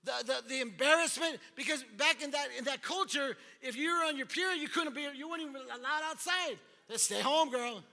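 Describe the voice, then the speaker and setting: A man preaching a sermon as pastor, animated, acting out the voices from the scripture story. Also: very high-pitched, fairly quick, few pauses. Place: large church hall. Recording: long church hall reverb.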